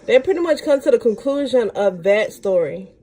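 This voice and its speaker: A young woman chats through a story while doing her makeup on camera. Her talk is slangy and lively, and it leaps up high when she gets excited. Her voice sits a little high. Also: moderate pace. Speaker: beauty vlogger.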